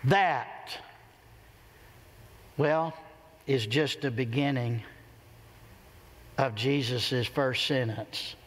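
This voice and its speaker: A male pastor preaching a sermon with emphasis, his pitch jumping between high and low. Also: extremely slow, pauses often. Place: church sanctuary. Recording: long reverb of a church hall.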